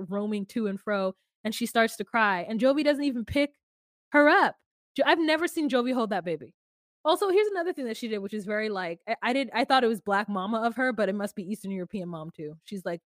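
Animated woman chatting on a podcast. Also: on the high side, a little fast, no echo, studio quality. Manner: animated, acts out quotes in put-on voices. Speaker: podcast co-host. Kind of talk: casual chat recapping a reality show.

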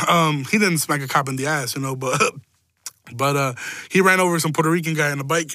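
A man's voice: fairly high pitch, quick pace, sharp tone, no room sound. A young man, hosting a casual solo rant, rambling and swearing, often breaking into laughter. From Chicago. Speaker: podcast host.

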